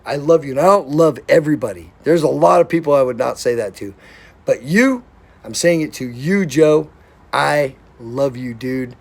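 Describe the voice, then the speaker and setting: A man's voice: mid-range voice, lively intonation, normal speed, vocal fry. A man talking in a rambling, casual monologue, blunt and profane but affectionate and heartfelt. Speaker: vlogger.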